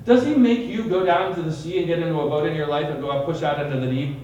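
A man's voice: on the high side, quick pace, a little mellow, muffled recording. A man leading a Bible study, teaching in a sermon style, retelling vividly and quizzing his listeners by name. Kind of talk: teaching sermon with questions to a group. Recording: echoey room from far off.

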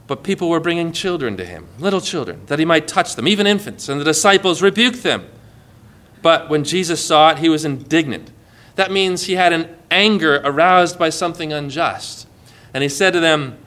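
A man with a slightly high voice preaches a conversational sermon at normal speed. He's expressive, acting out quoted lines with shifts in volume and pace and adding light asides.

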